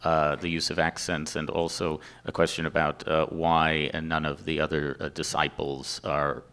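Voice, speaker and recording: A man's voice: rumbling low, flat delivery, normal speed, fairly bright tone, clear, resonant tone. A male moderator at a festival panel, reading out questions in a hesitant way with fillers. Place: film festival panel stage.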